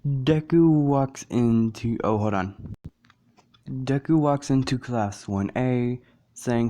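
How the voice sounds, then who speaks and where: A man's voice: mid-range voice, slow pace, long pauses, mellow. A man casually narrating a fan story, rambling and correcting himself as he goes.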